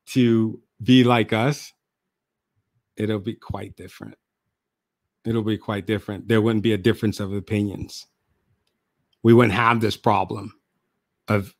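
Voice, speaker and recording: Laid-back man, low unhurried voice. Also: dry recording, clean studio sound. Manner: relaxed, repeats phrases for emphasis, laughs at himself. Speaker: motivational speaker and video host. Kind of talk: casual reflective monologue to camera.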